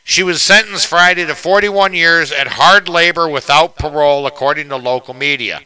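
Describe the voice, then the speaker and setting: A man's voice: on the high side, normal speed, pushed and bright, smooth, rough recording. A man hosting a casual podcast, reading news items aloud and riffing with crude jokes. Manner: joking, profane, reads news aloud then riffs.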